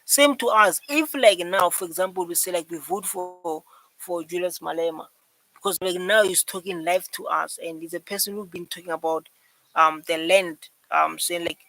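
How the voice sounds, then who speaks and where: A man's voice: sits high, moderate pace, bright, forceful tone, low-quality recording. A man reacting to a speech in casual, rambling commentary, emphatic and repeating himself. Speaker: reaction video host.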